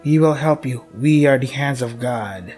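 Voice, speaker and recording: The hands of God, a cold chorus of disembodied divine hands, as a man puts them on, hand down judgment in slow, weighty pronouncements. The voice sits at an ordinary pitch for a man, with faint music playing underneath. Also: a little mellow, close to an everyday voice. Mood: solemn.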